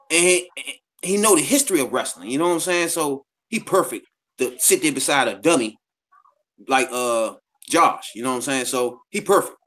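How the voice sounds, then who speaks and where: A man's voice: on the high side, a bit bright. A man co-hosting a podcast in a casual chat, talking in a loose, slangy way with lots of repeated filler phrases. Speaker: podcast co-host.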